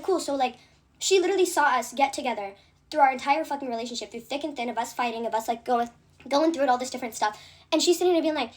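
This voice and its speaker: A young woman telling a storytime rant, fast and indignant, full of fillers and swearing. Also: high-pitched, slight background noise. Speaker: content creator.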